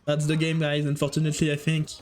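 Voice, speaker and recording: A man's voice: on the high side, fast, a little hiss or hum. Man casting a game. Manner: excitable, joking, jumps between play calls and banter. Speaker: esports caster. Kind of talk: live game commentary.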